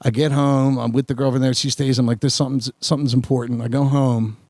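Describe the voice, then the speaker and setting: A man's voice: medium pitch, little pitch movement, fast, darkish tone, no room sound, clean studio sound. Rambling man telling stories. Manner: rambling, self-mocking anecdote with filler words. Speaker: podcast host. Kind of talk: casual storytelling chat.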